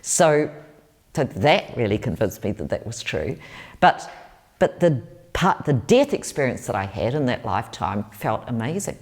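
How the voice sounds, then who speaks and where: A woman's voice: a bass voice, sing-song, moderate pace, a little mellow. A New Zealand woman, in her sixties, answering interview questions as a spiritual teacher, telling stories earnestly and repeating phrases.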